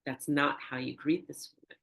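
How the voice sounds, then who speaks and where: An older woman, a guest in an interview, telling a personal story with animated, acted-out dialogue and soft, hushed reflective moments. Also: normal speed, gravelly. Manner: animated, acts out quoted dialogue with rising pitch. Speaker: interview guest, energy healer.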